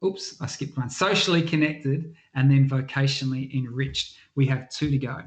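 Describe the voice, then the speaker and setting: A man's voice: medium pitch, moderate pace. A man giving a motivational health talk, telling stories and acting out the voices of people in them. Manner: animated storyteller, acts out quoted voices. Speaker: health speaker. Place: church health event.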